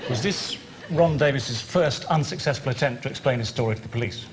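A man on a comedy quiz panel, firing off quick teasing wisecracks. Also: mid-range voice, a loud crowd, heavy background noise. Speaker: team captain panelist. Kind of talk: comic panel banter. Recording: TV studio with loud audience laughter.

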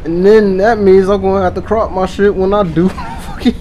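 A young man commentating his own gameplay, profane and excitable, talking to himself as he plays. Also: sits high, normal speed, a little hiss or hum. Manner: profane, excitable, talks to himself while playing. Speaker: gaming streamer.

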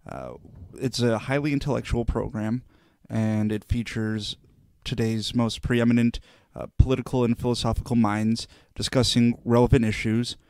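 A man's voice: medium pitch, a little mellow, no echo, studio quality. A young man hosting a podcast, teasing his guest in an ironic, mock-pompous way. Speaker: podcast host. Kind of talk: casual chat.

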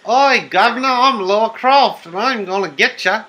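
A man's voice: high-pitched, pushed and bright, voice pushed up, low-quality recording. A man putting on a mock-British Lara Croft. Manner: exaggerated, slow put-on voice. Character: mock posh female adventurer, cheeky and boastful.

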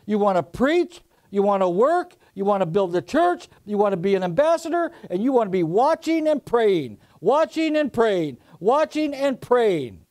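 A man preaching a sermon to a congregation, going from low, quiet storytelling up to loud shouted warnings. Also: big pitch swings, moderate pace, few pauses. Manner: preaching with swings from soft to shouting. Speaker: pastor.

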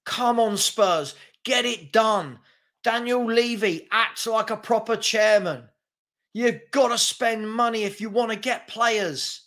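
A football fan channel host, his voice high and fairly bright, delivers a slow, angry rant to camera. He sounds exasperated, asking the same rhetorical questions again and again.

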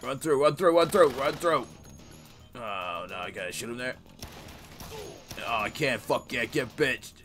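A man giving casual, profane, excitable commentary while playing a video game. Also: mid-range voice, unhurried, long pauses, faint music behind. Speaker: let's play host.

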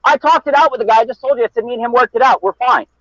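High-voiced man arguing defensively. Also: racing, fairly bright tone, no echo, lo-fi sound. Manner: defensive, insistent, repeats questions. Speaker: debate guest. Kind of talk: heated live-stream argument.

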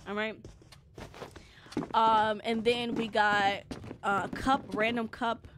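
A woman's voice: on the high side, flat delivery, takes it slowly, background noise. Chatty young woman streamer. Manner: chatty, rambling, lots of filler words, jokey. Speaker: gaming streamer. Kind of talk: casual live gameplay chat.

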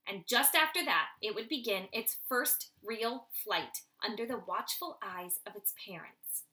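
A woman reading a children's novel aloud in steady storytelling narration. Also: medium pitch, unhurried. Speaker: audiobook reader. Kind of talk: scripted audiobook narration.

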